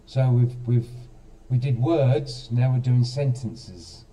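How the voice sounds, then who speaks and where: A man's voice: mid-range voice, takes it slowly, dark tone, recorded from a distance. A man hosting a casual live stream, chatting straight to viewers and quizzing them, with a self-mocking manner.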